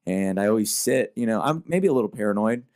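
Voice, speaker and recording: A man's voice: on the low side, animated, fast, darkish tone. A young man talking in a laid-back, plain-spoken way in a casual podcast chat, protective and direct.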